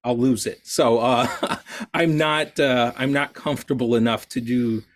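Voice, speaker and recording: A guest artist chats casually on a podcast in an ordinary middle-pitched voice, steady in tone and measured in pace. He rambles, restarts sentences, and laughs at himself.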